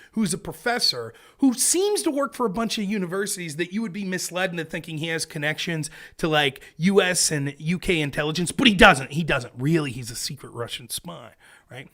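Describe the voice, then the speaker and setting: A man ranting on his home live stream, his voice sitting high and swinging widely as he works himself up. He swears freely, keeps tossing in "right?", and tells the story as an off-the-cuff monologue. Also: a little fast. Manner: animated and profane, keeps asking "right?". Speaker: live-stream political commentator. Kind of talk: casual ranting commentary.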